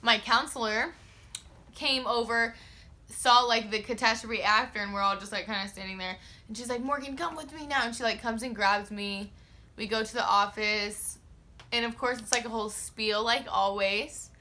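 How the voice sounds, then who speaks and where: A woman's voice: on the high side, normal speed. A young woman vlogger telling a casual storytime, slangy and profane, with lots of filler words and acted-out quotes. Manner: expressive, acts out her own quotes.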